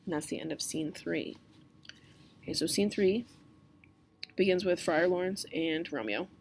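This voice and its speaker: Teacher lady going over a play, chatty and plain, kinda low voice. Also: fairly quick, pauses often, slight background noise. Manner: casual, plain-spoken, checks in with "okay?". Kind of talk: explaining a play to students.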